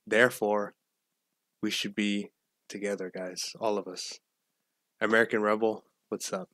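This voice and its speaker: A man's voice: on the low side, little pitch movement, measured pace, pushed and bright, no room sound. Rambling male livestream host, dry sound. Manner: rambling, repeats and restarts, greets chat viewers. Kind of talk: casual livestream chat.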